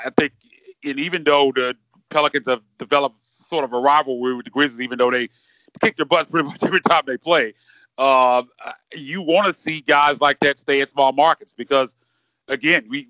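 Bright-voiced man talking hoops. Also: medium pitch, no room sound, lo-fi sound. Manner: rambling, repeats words while thinking. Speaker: podcast co-host. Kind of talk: casual sports podcast chat.

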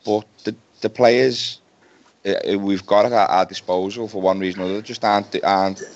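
A man's voice: on the low side, fairly even intonation, moderate pace. A man on a casual football podcast, talking in frustrated, rambling runs with swearing and restarts. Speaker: podcast regular. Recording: dull lo-fi sound.

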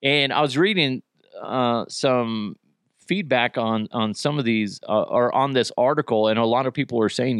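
A man's voice: mid-range voice, normal speed, smooth, no room sound, studio quality. A man hosting a podcast in a casual, rambling monologue, joking and swearing as he talks. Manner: rambling, jokey, profane. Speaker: podcast host.

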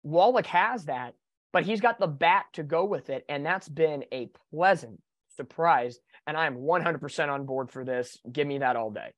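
A man hosting a sports podcast, talking in an animated, opinionated way in casual chat. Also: a little high, moderate pace, no echo. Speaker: podcast host.

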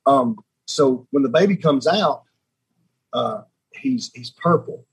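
Husky man telling a heartfelt story. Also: expressive, rough recording. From Alabama. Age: 30s. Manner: halting, repeats words, voice drops low and quiet when moved. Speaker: guest. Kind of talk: emotional storytelling.

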